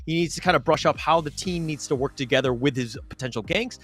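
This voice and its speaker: A man hosting an esports desk, chatting fast and teasing his co-host, with many fillers. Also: on the high side, a bit bright. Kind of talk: post-match desk chat. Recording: faint music behind.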